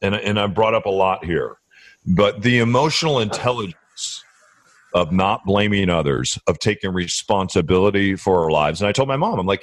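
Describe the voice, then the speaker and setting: Low-voiced reflective male podcast host. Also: animated, normal speed, dry recording. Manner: reflective, repeats words while thinking. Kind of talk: casual conversational interview.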